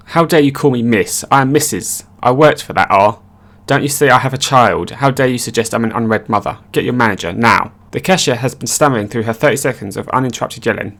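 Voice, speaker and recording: A man giving scripted narration of online stories in a brisk, matter-of-fact reading voice. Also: mid-range voice, fairly bright tone.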